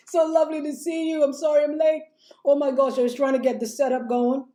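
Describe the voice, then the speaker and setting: A woman life coach with a high, fairly flat, warm voice talks fairly quickly in a fiery, preachy motivational livestream from her home setup. Slightly strained, she calls listeners "my loves" and "honey" and chants and sings short refrains, with roomy echo.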